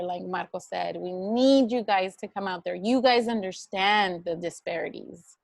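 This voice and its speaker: Woman, young adult, ICU doctor; heartfelt storytelling, gravelly fry, dry close sound. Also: medium pitch, unhurried, no room sound. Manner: earnest, emotional, quotes dialogue, many restarts. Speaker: ICU physician. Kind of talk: emotional personal storytelling to students.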